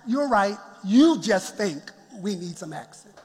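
A male pastor preaching a lively sermon in a church, often chuckling and calling out to the congregation. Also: high voice, normal speed. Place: church sanctuary. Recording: long church reverb.

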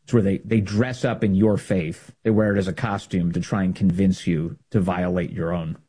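A man's voice: low-pitched, fairly even intonation, normal speed, mellow, husky. A man giving an opinionated political monologue, emphatic and repeating key phrases for effect. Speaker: political commentator.

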